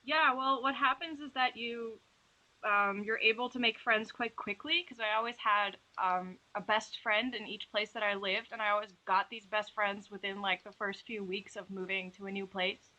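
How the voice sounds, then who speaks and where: A young woman from the Netherlands speaks as an interview guest, unhurried and reflective, filling pauses with little hesitations. Her voice is bright and clear in tone. The audio sounds slightly dull and lo-fi. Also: medium pitch. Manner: relaxed, reflective, uses many fillers. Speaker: illustrator and animator guest. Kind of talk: interview conversation.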